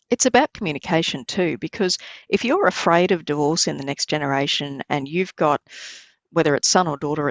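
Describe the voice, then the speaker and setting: A middle-aged woman lawyer explains matters in a measured, advice-giving way, her voice carrying a gravelly fry. The sound is close and dry, with no room around it. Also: sits low, no echo. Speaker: lawyer guest. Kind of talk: podcast interview.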